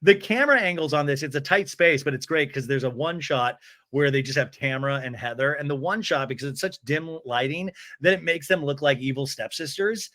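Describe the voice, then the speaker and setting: Man, comic podcast host, animated recap delivery, high-pitched and sharp-toned. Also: a little fast. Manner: animated, jokey, acts out quoted lines. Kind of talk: comedic reality TV recap.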